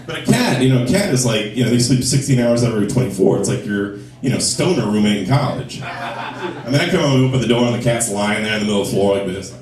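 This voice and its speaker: A man's voice: medium pitch, lively intonation, fast, a crowd in the background. A man doing a stand-up comedy set at a club, with crude, self-mocking punchlines. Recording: echoey club, mic from a distance.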